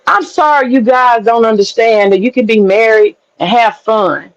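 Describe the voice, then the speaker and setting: A woman's voice: a little high, normal speed, no room sound, dull audio. A woman guest chatting casually on a livestream, brash, teasing and profane. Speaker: stream guest.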